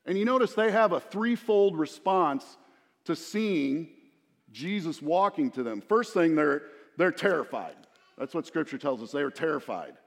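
Middle-aged male pastor, slightly high voice, chatty storytelling sermon, long reverb tail. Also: expressive, moderate pace. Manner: conversational, storytelling preacher with asides to the congregation.

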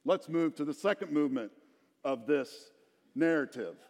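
Middle-aged male preacher, high voice, lively storytelling sermon, hall reverb. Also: moderate pace, vocal fry. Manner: animated storytelling, asks the congregation questions. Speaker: pastor.

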